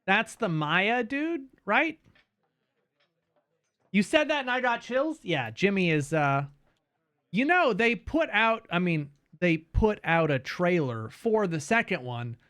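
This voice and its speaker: A young man talks through his game in a casual stream, animated and quick to swear or laugh. His voice is high and swoops widely in pitch. He takes his time, speaking slowly between actions. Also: clean tone. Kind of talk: casual gameplay commentary.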